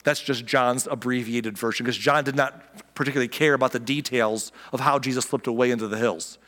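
A man's voice: mid-range voice, fairly even intonation, a little fast, fairly bright tone, in a large hall. A pastor giving a casual, conversational sermon and acting out the characters' lines as he retells the story.

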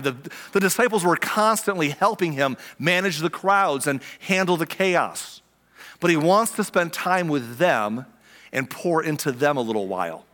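A man preaching a sermon in a relaxed, conversational way, acting out little quoted reactions as he explains a passage. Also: on the high side. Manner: conversational, animated, acts out quotes. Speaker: pastor. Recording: long reverb of a hall.

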